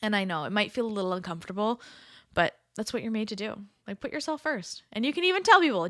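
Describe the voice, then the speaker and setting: A woman's voice: mid-range voice, lively intonation, fast talker, pushed and bright, no room sound, studio quality. A woman hosting a podcast, giving casual coaching advice in a chatty, upbeat way with lots of filler words. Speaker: podcast host.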